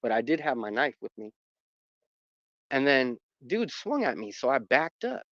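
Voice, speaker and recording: A man's voice: medium pitch, sing-song, moderate pace, a bit bright, no room sound. A man telling a personal story about his dogs in a casual, rambling way, with lots of fillers and restarts. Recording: muffled dry recording.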